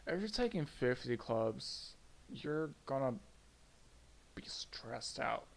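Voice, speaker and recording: A man's voice: medium pitch, sing-song, slow, creaky. A young man in his first college semester, chatting playfully and casually as he gives advice in a vlog, often checking in with "okay?" and "you know?". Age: young adult. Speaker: college freshman vlogger.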